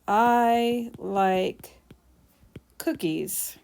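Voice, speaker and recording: A woman's voice: medium pitch, extremely slow, gravelly, a little mellow, a little hiss or hum. A woman teacher explaining punctuation while writing, with playful mock bragging asides.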